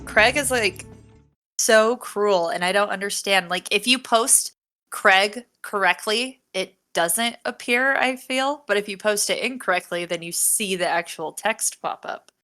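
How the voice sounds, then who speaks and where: A young woman co-hosts a podcast and trades quick, chatty banter. Her voice is bright and clear. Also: mid-range voice, faint music behind. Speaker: podcast co-host. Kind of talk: casual chat.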